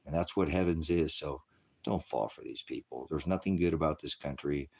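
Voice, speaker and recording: A man's voice: a bass voice, moderate pace, vocal fry, husky. A man ranting angrily on a live stream, swearing heavily and preaching to his viewers as brothers and sisters. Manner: profane, heated, scolding. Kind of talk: angry live-stream rant.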